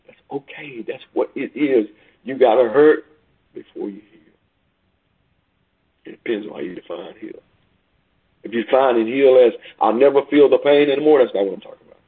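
A man preaching a sermon over a call, rising and falling in pitch and volume and repeating phrases for emphasis. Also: moderate pace, pauses often, husky. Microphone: phone call. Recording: tinny phone line.

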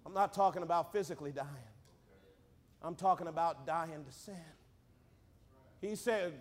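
A man preaching a sermon in a church, shifting between fast joking asides and loud shouted climaxes. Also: fairly high pitch. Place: church sanctuary. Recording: reverberant church hall.

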